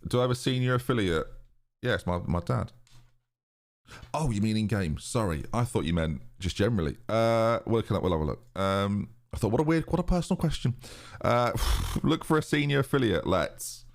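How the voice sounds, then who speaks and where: This British live-streamer has a low, gravelly, expressive voice and a brisk delivery. He plays a football management game, chatting sarcastically and reading his chat aloud in casual commentary.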